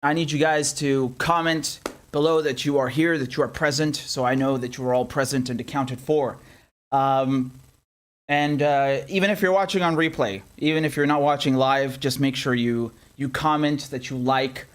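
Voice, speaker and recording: A young man hosting a live political commentary stream, animated and angry, swearing and joking as he talks. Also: medium pitch, moderate pace. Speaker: independent journalist and show host.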